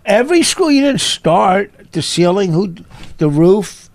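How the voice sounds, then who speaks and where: A man's voice: high voice, sing-song, measured pace, no room sound. A middle-aged man co-hosting a podcast, joking and defending himself in casual bickering chat. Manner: defensive, jokey. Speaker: podcast co-host.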